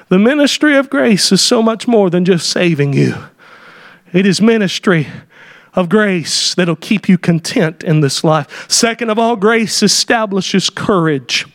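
A pastor preaching a sermon in an impassioned style, rising to shouts. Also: male voice, sits high, animated, measured pace.

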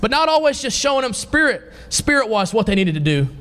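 A man with a high-pitched voice preaches a sermon. He reads scripture aloud and keeps asking the congregation questions. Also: very animated, fairly quick, fairly bright tone.

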